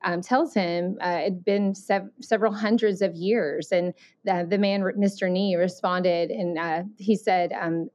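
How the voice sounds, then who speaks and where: A woman from Alabama with a Southern accent, speaking a bit low and steady. She tells her story as an interview guest in an earnest, reflective way, often pausing with "um" and "uh" to gather her thoughts. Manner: earnest, thoughtful, many ums and uhs. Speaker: missionary guest.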